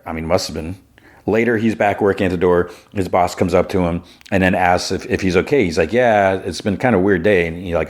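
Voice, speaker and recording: Guy with a lowish voice going through a tv episode scene by scene, does little voices for the characters. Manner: animated retelling, acting out characters' lines in a raised voice. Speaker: podcast host. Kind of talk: casual movie and TV recap.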